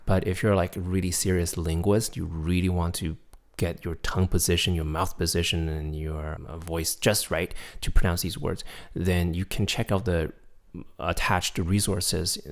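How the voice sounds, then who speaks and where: A man teaching a recorded pronunciation lesson, drilling syllables clearly and patiently checking in with his students. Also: low voice, level tone, moderate pace. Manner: patient, checks in often with "right?" and "okay?". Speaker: language teacher.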